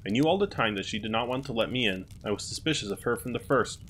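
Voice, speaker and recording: A man's voice: mid-range voice, lively intonation, fast, fairly bright tone, a little hiss or hum, close to an everyday voice. A man voicing a scheming robber chieftain who pleads through a keyhole in a storybook reading.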